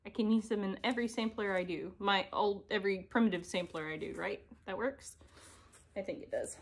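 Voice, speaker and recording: A cross-stitch vlogger talks to camera indoors at home, the camera set on an ironing board. She speaks briskly in a mid-range voice, giggling and poking fun at herself.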